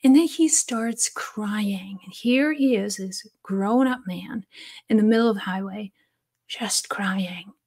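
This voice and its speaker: A woman's voice: medium pitch, takes it slowly. A woman hosting a spiritual channel, telling a personal story in an earnest, heartfelt way. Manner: earnest, heartfelt, with soft laughs and restarts.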